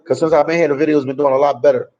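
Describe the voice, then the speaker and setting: A man's voice: a little high, fairly even intonation, racing, warm tone, muffled recording. A man from Memphis, chatting casually on a travel livestream from a café and answering viewer comments. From Memphis, USA. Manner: loose and talkative, reads and answers viewer comments. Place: a café in El Salvador.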